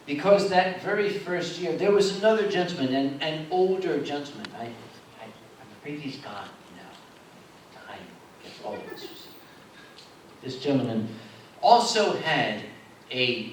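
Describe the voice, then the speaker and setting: On a convention panel, an organizer with a medium-pitched voice spins animated, dramatic tales, milking every moment for effect. He's captured from far off in a reverberant hall, and there's slight background noise.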